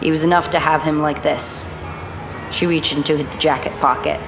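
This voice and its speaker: A woman narrating a horror audiobook in a measured, even reading voice. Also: low voice, creaky, over music.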